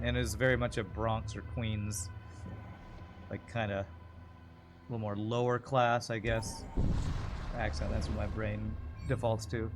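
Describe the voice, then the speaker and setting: A man's voice: medium pitch, steady tone, a little slow, pauses often, faint music behind. A man streaming a video game, chatting casually and rambling between the plays and chat messages. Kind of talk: casual gameplay commentary.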